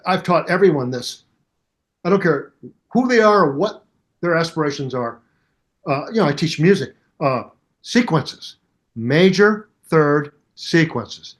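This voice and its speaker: An older man chats as an interview guest, spinning animated stories about teaching bass. His voice sits a little high for a man, and he breaks into scatted bass lines to demonstrate. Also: unhurried. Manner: animated storyteller who scats bass lines aloud. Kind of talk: casual storytelling interview.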